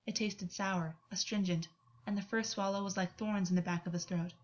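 Woman, story narrator, even unhurried reading, mid pitch, dull lo-fi recording.

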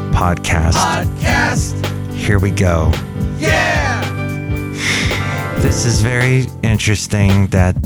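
A middle-aged man hosting his own daily podcast, chatting alone in a rambling, digressive way that often breaks off mid-thought. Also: lowish voice. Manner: rambling, digressive, self-interrupting. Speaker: podcast host. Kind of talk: casual solo podcast monologue.

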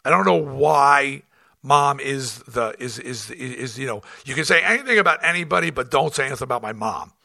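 Gravelly-voiced man telling rough tour stories. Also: mid-range voice, brisk, no echo, clean studio sound. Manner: animated, acts out quotes, frequent restarts; blunt and profane. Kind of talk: casual storytelling.

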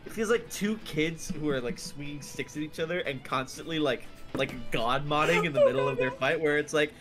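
A man's voice: on the high side, a little fast, loud music behind the voice. A man co-hosting a podcast in casual chat, rambling with frequent restarts. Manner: rambling, many restarts and fillers. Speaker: podcast co-host.

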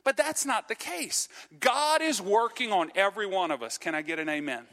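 A man preaching in an earnest, conversational way, checking in with the congregation and calling for amens. His voice sits high for a man and rings bright and forceful. The sound carries the long reverb of a church hall. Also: expressive, normal speed. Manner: earnest, repeats "okay?" and calls for amens. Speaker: pastor. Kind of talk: sermon. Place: church sanctuary.

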